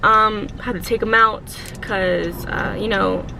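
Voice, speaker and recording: A woman's voice: medium pitch, steady tone, slow, vocal fry, music in the background, low-quality recording. A young woman in her twenties chatting casually to her vlog audience, rambling with lots of fillers. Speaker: vlogger.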